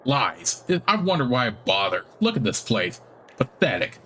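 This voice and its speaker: A man's voice: mid-range voice, very animated, normal speed, pushed and bright, a little hiss or hum. A man voicing a grumpy, bitter old male cat who serves as a wizard's familiar, with a sullen, complaining delivery, read aloud from a game's text. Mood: sulky.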